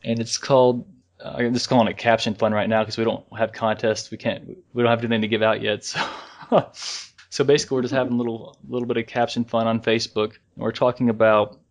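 A man co-hosting a casual fan podcast, rambling in a relaxed way, with restarts and chuckles. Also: medium pitch, quick pace. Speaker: podcast co-host.

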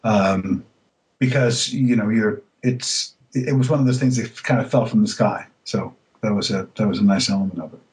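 A male voice actor being interviewed, telling stories in a relaxed, casual way with many fillers and restarts. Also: on the low side, normal speed, rough recording. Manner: relaxed storytelling, laughs easily.

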